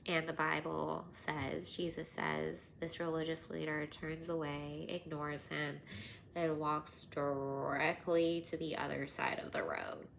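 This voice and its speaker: A woman in her thirties hosting a podcast, telling personal stories in an animated, casual way, sometimes dropping to near-whispers. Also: low-pitched, slow pace, creaky, slight background noise. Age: 30s. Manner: animated, drops to near-whispers and laughs often. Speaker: podcast host.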